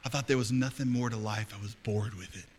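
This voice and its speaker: A man's voice: fairly low pitch, fairly quick, a little hiss or hum. Man preaching with fervent, rising intensity. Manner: swings between hushed, intimate confiding and loud, fervent preaching. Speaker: pastor. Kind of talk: sermon. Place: church hall before a congregation.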